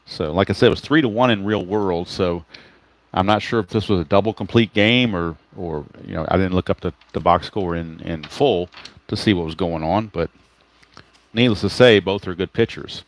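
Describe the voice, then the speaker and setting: A man with a low-pitched voice and a moderate pace calls a solo tabletop baseball game play-by-play. He's casual and chatty, correcting himself and muttering while he searches for cards, and the recording quality is low.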